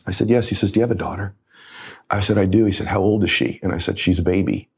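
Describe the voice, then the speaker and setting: Deep-voiced man telling an emphatic story. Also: fast talker, creaky, a little mellow, husky. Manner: emphatic, repeats phrases for effect. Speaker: guest, motivational speaker. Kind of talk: energetic storytelling in a podcast interview.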